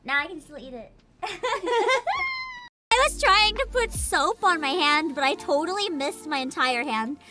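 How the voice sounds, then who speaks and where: Young woman gaming streamer, unhurried and swooping, animated and foul-mouthed, with game music underneath. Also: extremely high pitch. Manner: animated, laughing, swearing, exclamatory. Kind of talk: casual gaming livestream commentary.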